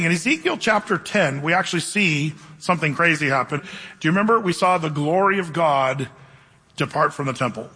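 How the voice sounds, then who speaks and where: A man's voice: a little high, pushed and bright, husky, big-room sound. A man preaching a Bible teaching sermon in a conversational way, reading scripture aloud and asking the congregation questions. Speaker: pastor.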